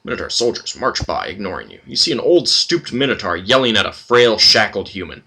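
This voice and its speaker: A man's voice: on the low side, lively intonation, a little fast, hardly any pauses, pushed and bright, breathy edge. A man hosting a let's play, chatting casually and reading game text aloud with a lot of fillers.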